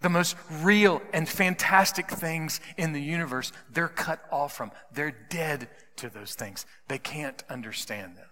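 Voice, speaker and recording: A man preaching a sermon, dramatic, dropping to hushed whispers for emphasis. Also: a little high, a little slow, few pauses, in a large hall. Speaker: pastor.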